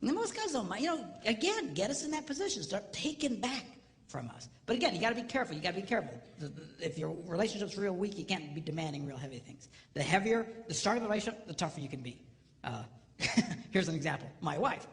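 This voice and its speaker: An older man giving a humorous live marriage seminar in a large hall. He is animated, swings between loud and hushed, and acts out other people's voices. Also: sits high, fast, vocal fry. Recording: long hall reverb, faint background noise.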